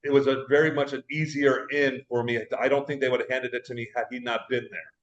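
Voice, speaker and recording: A man's voice: medium pitch, flat delivery, quick pace, roomy sound, lo-fi sound. A man, a cigar shop owner, calling in by video, telling a rambling story and repeating himself. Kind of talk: casual chat. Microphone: video call.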